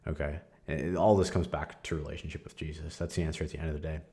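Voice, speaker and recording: A young man hosting a podcast, sharing a candid personal testimony in a casual, conversational way with frequent fillers and soft laughs. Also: extremely low pitch, flat delivery, fast. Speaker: podcast host.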